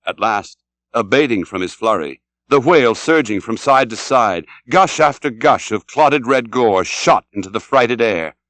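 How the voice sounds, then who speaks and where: A man reading an audiobook as scripted narration, dramatic and expressive. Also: medium pitch, no room sound. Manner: dramatic, shouts out the sailors' cries.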